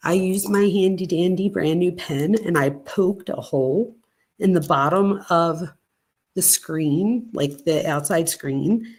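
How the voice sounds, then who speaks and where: A woman in her forties hosts a live stream in a relaxed, chatty way. Her voice sits a little low, and she tells lively stories while answering the chat. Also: slow. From Pennsylvania, United States. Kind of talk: casual live chat reading viewer comments.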